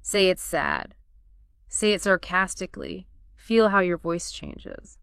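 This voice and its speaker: A woman's voice: fairly low pitch, wildly swooping pitch, slow, vocal fry, fairly bright tone, clean tone, no echo, clean studio sound. A woman co-hosting a scripted conversation about learning English, with an upbeat, teacherly delivery. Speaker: co-host. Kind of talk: scripted two-host explainer on learning English.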